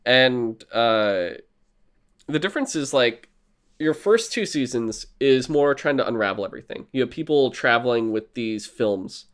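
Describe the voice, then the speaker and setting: A man's voice: mid-range voice, animated, measured pace, fairly bright tone. A man co-hosting a casual chat about TV shows, rambling and swearing, acting out his own reactions. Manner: rambling, profane, acts out reactions in quoted voices. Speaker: podcast co-host.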